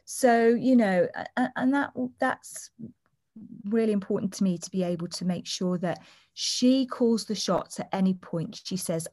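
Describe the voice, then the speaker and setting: A woman's voice: medium pitch, measured pace, darkish tone. Earnest woman, doula guest. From United Kingdom. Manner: earnest, acts out quoted voices while telling stories. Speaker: doula and author, interview guest. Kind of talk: conversational podcast interview.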